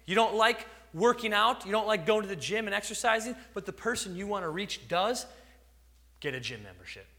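A man's voice: sits high, lively intonation, brisk, sharp tone, big-room sound. A man preaching a sermon, acting out little dialogues and chuckling now and then. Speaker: pastor.

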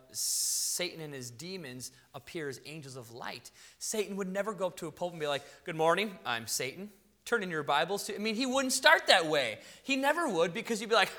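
Animated high-voiced male preacher. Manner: animated, conversational preaching with rhetorical questions. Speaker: pastor. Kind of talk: sermon.

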